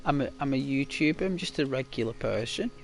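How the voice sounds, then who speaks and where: A man's voice: mid-range voice, animated, fast, gravelly, slight background noise. A man with a Liverpool accent, a YouTuber chatting casually and rambling to viewers while he plays a game. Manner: rambling, chatty, keeps tagging on "right?" and "you know". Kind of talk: casual gaming livestream chat.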